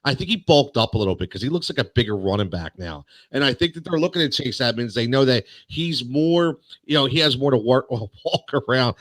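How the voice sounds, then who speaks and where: A man's voice: medium pitch, lively intonation, fairly quick, hardly any pauses, fairly bright tone, no echo, studio quality. Rambling man talking fantasy football. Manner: rambling, many fillers and restarts. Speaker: podcast co-host. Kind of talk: casual sports chat.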